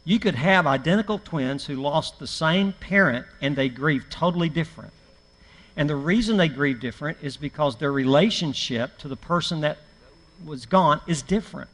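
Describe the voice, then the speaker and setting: Middle-aged man, preacher, high-ish voice, folksy anecdotal class talk with dry self-mockery, long church-hall reverb. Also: normal speed, fairly bright tone. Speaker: preacher teaching a grief class.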